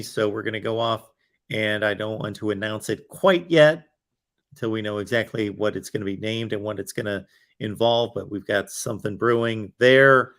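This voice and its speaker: A man's voice: lowish voice, a bit bright. A man hosting a college football livestream, talking in a rambling, chatty way, tired with his voice wearing out. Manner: rambling, chatty, with fillers and self-asides. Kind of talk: casual livestream chat.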